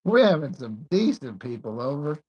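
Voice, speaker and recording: Playful male co-host, husky voice, lively swoops in pitch. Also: normal speed, lo-fi sound. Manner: joking, playful. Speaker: livestream co-host. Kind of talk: casual chat.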